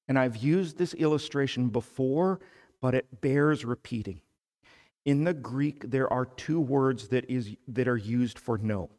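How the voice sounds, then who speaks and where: Male pastor, unhurried emphatic sermon delivery, church hall echo. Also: mid-range voice, darkish tone. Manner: slow, emphatic preaching with rising fervor. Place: church sanctuary. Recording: long hall reverb.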